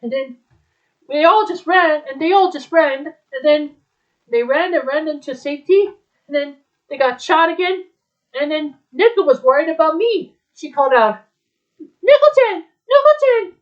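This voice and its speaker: A woman retelling a story aloud in a rambling, halting way, with many restarts. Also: high voice. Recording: dull lo-fi recording.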